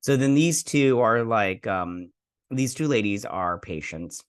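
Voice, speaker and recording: Man, show host, casual episode recap, rambling, many fillers, slightly low voice. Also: expressive, slow pace, smooth. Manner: rambling retelling full of fillers and "he's like" quotes. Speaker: host and TV reviewer.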